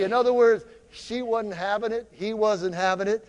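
A male pastor preaching a lively sermon in a church, drawing the congregation into call-and-response. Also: high voice, fairly quick, big-room sound. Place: church sanctuary.

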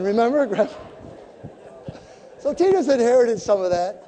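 Woman, preacher, storytelling sermon, animated, mellow voice, echoey church hall. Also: mid-range voice, moderate pace, long pauses. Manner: animated, acts out conversations.

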